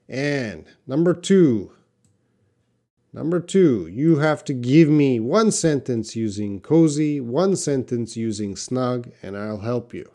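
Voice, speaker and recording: A man's voice: mid-range voice, mellow. A Canadian man teaching English on a live stream, reading viewers' comments aloud and answering them bluntly.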